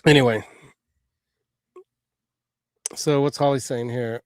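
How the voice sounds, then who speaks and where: A man of middle pitch hosting a casual livestream, chatty and quick to laugh as he reads out viewer comments. His voice is close and dry, with no room sound. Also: dry recording. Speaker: livestream host.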